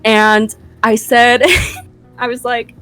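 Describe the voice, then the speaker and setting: A woman's voice: on the high side, little pitch movement, slow pace, a bit bright, clean tone, soft background music. A young woman hosting a podcast, telling a story in casual chat with profane, laughing asides. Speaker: podcast host.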